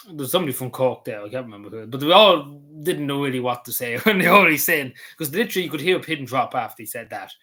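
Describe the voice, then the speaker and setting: A hoarse man with a Cavan Irish accent, rambling casually as he talks through his travel photos, repeating himself and swearing now and then. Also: medium pitch, lively intonation, fast, hardly any pauses, bright, forceful tone. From Ireland. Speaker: vlogger.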